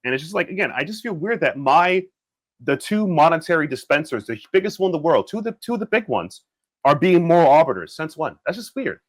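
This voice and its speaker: A man co-hosting a podcast in casual chat, jokey and animated, now and then slipping into loud bits. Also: a little high, brisk, dry recording, low-quality recording. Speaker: podcast co-host.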